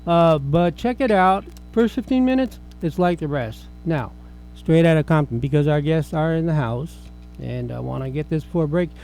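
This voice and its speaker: Man, middle-aged, high-pitched, mellow tone, film show host, casual rambling chat. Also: normal speed, gravelly, slight background noise, low-quality recording. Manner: chatty, rambling, with frequent restarts.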